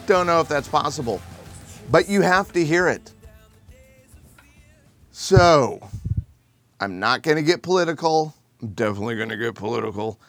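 A middle-aged man hosting a comedic monologue, animated and jokey. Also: fairly high pitch, no room sound. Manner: animated, jokey, acts out quoted people. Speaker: host.

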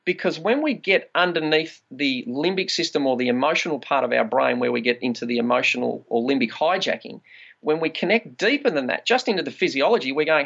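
A man's voice: on the high side, fairly quick, gravelly, a bit bright, highs cut off. A man, a trauma release practitioner, explaining body practices in a conversational podcast interview and acting out quoted inner voices.

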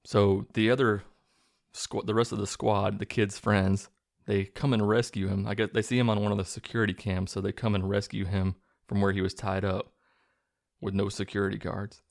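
A man with a low, gravelly voice talks through a film's plot in a loose, sarcastic way and slips into quick impressions of the characters. The sound is dry and close, with no room around it. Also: flat delivery, no echo. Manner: sarcastic, acts out characters' lines in quick bits. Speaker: movie reviewer recapping a film. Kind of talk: casual film recap.

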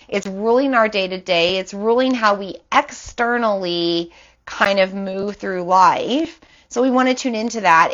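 Chatty woman hosting an astrology livestream. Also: mid-range voice. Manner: chatty, loose, lots of "like" and "right?". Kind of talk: casual spiritual talk on a livestream. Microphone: phone or laptop mic. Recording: slightly dull livestream audio.

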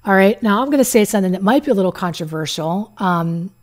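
A woman's voice: medium pitch, lively intonation, quick pace. Blunt female recovery coach, casual advice talk, mid-range voice. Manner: blunt, conversational, acts out quoted voices. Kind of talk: direct-to-camera advice talk.

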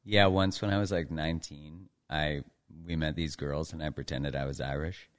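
A man from Canada with a very deep voice speaks as a podcast guest. He talks in an easygoing, thoughtful way, pausing with ums and you-knows as he goes. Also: steady tone. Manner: easygoing, reflective, with fillers. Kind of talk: casual podcast interview.

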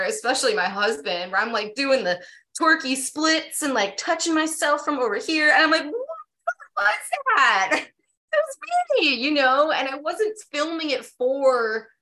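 A woman guest on a podcast, candidly telling a personal story in a lively, casual way. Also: medium pitch. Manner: animated, candid, many "like" fillers. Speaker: podcast guest, yoga teacher.

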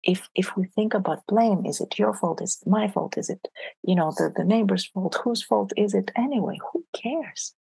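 A woman's voice: medium pitch, moderate pace, creaky, dark tone, breathy edge, no room sound, rough recording. A woman being interviewed as a leadership coach, talking earnestly in casual conversation and dropping to a near-whisper for emphasis.

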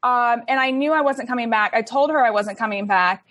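A woman's voice: on the high side, fairly quick, fairly bright tone, no echo. A young woman telling her story in a chatty, casual way, with many likes and ums and laughs between phrases. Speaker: interview guest.

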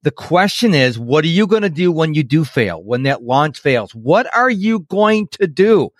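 Man podcast host, earnest questioner, voice a bit high, dry sound. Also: big pitch swings, normal speed, no room sound. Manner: earnest, poses questions to the guest. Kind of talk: casual conversational interview.

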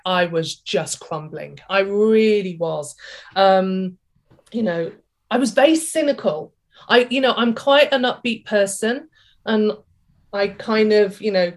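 Chatty woman in her 40s, interview guest, animated storyteller who voices her own past thoughts. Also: medium pitch. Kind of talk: candid personal story in a podcast interview.

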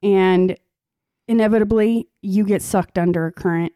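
Middle-aged woman cohost, mid pitch, dry close mic, breaks things down plainly. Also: fairly even intonation, moderate pace, dark tone, dry recording. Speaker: podcast co-host. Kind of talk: casual chat.

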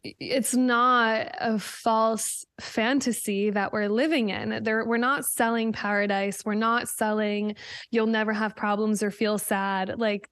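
A woman's voice: medium pitch, dry recording, studio quality. A woman hosting a podcast, talking earnestly about spiritual growth and sometimes swearing casually. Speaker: podcast host. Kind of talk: casual conversation.

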